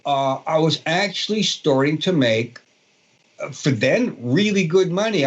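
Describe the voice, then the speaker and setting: In a casual storytelling interview, a guitarist in his sixties from Brooklyn, New York, rambles on in a Brooklyn accent, with many fillers and restarts. His voice is on the high side, and the recording's highs are cut off.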